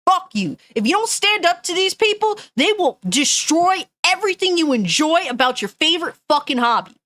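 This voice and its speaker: A woman's voice: extremely high pitch, very animated, moderate pace, fairly bright tone, no echo. A woman gaming news streamer ranting angrily and bluntly, swearing often and reading chat comments aloud. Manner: angry, profane, blunt.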